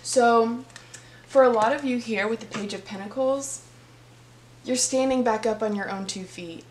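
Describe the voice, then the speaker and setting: A woman's voice: fairly high pitch, normal speed. Earnest woman reading tarot, echoey room. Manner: heartfelt, earnest, speaks to viewers directly. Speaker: tarot reader. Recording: echoey room with faint hum.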